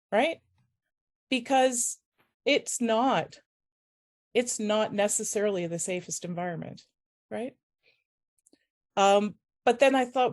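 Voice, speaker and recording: A woman faculty member giving a personal, emotional conference talk, halting with many restarts and audibly close to tears. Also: mid-range voice. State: tearful. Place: conference room.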